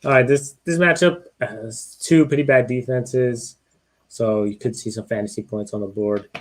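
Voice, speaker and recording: Man, podcast host, casual sports chat, joking banter, mid-pitched voice. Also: moderate pace. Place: live-streamed podcast.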